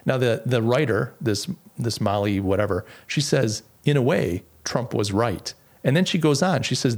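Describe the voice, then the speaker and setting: Sarcastic man with a gravelly voice. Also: medium pitch, very animated, normal speed. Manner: sarcastic, incredulous, reads quotes aloud with stops and restarts. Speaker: podcast host. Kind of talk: sarcastic political commentary reading from an article.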